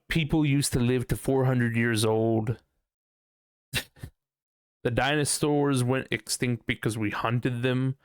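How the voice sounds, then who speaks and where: A young man hosts a podcast and talks through a heated, swearing rant that breaks into laughs. His mid-range voice has a gravelly edge. The sound is close and dry, with no room in it. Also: medium pitch, dry recording. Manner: profane, animated ranting with frequent laughs. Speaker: podcast host. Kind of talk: casual ranting chat.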